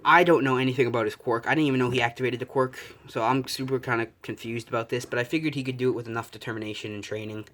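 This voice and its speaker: A young man improvising a fan story out loud, rambling and correcting himself, swearing casually. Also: medium pitch, fairly even intonation, very fast, hardly any pauses.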